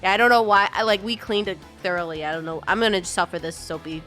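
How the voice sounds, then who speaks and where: A woman streaming live, chatting casually with her viewers, bubbly and chatty, greeting them in a high sing-song and often laughing. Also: fast, a bit bright, soft background music.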